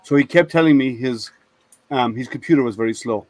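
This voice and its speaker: Speaking briskly in a mid-range voice with no echo, a man joins a relaxed online video hangout and rambles through workplace tales, restarting again and again. He works as an IT product manager at a software company.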